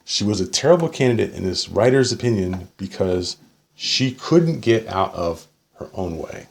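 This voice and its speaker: A man with a somewhat low voice gives a solo commentary, reading an article and picking it apart. He argues insistently, throws in sarcastic asides and keeps driving his points home with "okay?". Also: animated, moderate pace, gravelly. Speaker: political commentator.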